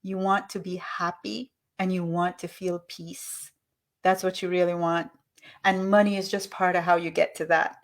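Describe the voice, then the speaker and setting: A woman's voice: on the low side, little pitch movement, normal speed. A woman hosting a live money-mindset coaching session, talking straight to her viewers in an enthusiastic, motivational way.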